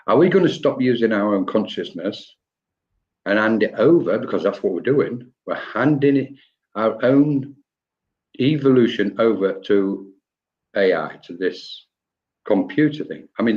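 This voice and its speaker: A man's voice: lowish voice, a little mellow, lo-fi sound. A man co-hosting a live online spiritual discussion over a video call, talking in a rambling, reflective way with frequent restarts. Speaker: co-host of a spiritual talk.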